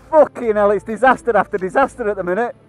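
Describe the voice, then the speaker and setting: High-voiced laughing British man vlogging. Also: moderate pace, soft background music, rough recording. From United Kingdom. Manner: laughs often, swears constantly, rambling. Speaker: motorcycle vlogger. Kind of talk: casual chat to camera.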